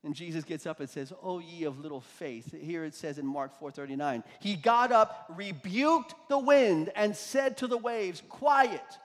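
High-voiced preaching man in a reverberant hall. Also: moderate pace, few pauses. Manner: dynamic preaching, swings from loud to hushed. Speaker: pastor. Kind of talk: sermon.

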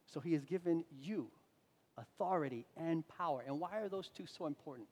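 A man preaching a sermon as a pastor, swinging between loud emphatic lines and quiet asides. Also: on the high side, expressive, a little fast. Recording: reverberant hall.

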